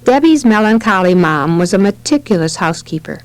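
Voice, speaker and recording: A woman reads a parenting audiobook aloud as scripted narration, telling its stories expressively. Her pitch moves a great deal, rising and falling through each sentence. The recording is dry and close, with no room sound. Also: a little fast, dry recording, poor audio. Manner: expressive storytelling reading.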